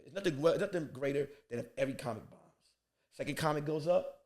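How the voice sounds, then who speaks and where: High-voiced man telling comic stories. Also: fast. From Queens, New York. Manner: animated, acts out other people's voices. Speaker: guest comedian. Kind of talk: comic storytelling on a podcast.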